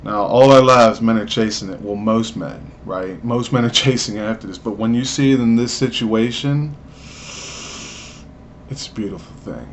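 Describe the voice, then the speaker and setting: A young man vlogging at home, telling a story with animated delivery and acted-out voices. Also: normal speed, slight background noise. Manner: animated, acts out voices, jumps high in pitch for emphasis.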